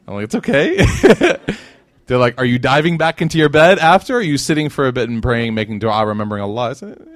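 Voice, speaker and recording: Animated man giving a religious talk. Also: mid-range voice, dry recording, clean studio sound. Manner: conversational and joking, with animated quoted voices. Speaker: lecturer. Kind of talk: lively religious lecture with stories.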